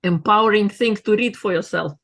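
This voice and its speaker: A woman's voice: mid-range voice, brisk, a bit bright. A woman hosting a podcast, encouraging her guest in casual talk with slightly uneven phrasing. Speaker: podcast host.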